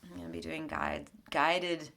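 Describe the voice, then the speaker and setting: A woman with a low voice and a gravelly creak talks through a weekly tarot reading at her home altar. She keeps it gentle and chatty, breaking into easy laughter. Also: level tone, unhurried. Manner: gentle, conversational, laughs often. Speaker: spiritual mentor.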